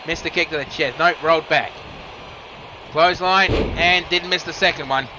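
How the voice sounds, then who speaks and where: A man giving quick move-by-move wrestling commentary, with casual asides. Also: on the high side, steady tone, background noise. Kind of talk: play-by-play commentary.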